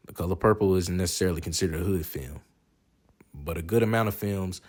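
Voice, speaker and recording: A man with a low-pitched voice rattles off fast, profane, joke-filled movie reviews, reacting in a lively, animated way.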